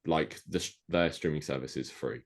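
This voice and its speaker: A man co-hosting a podcast in a relaxed, chatty way, often dropping "like" between thoughts. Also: extremely low pitch, moderate pace. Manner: chatty, with many "like" fillers. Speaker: podcast co-host. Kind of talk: casual chat.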